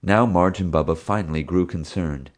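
A man narrating a story in a steady storytelling manner. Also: low voice, moderate pace. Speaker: audiobook narrator. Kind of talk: scripted narration.

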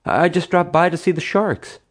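A man's voice: high voice, moderate pace, pitched above the performer's own voice. A man voicing a cheeky teenage boy who plays innocent and talks his way out of trouble. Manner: innocent-sounding, sassy.

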